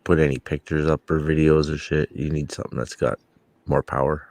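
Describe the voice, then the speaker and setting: A man's voice: very deep voice, flat delivery, fairly quick, a little mellow. A man talking bluntly and matter-of-factly in a casual stream chat.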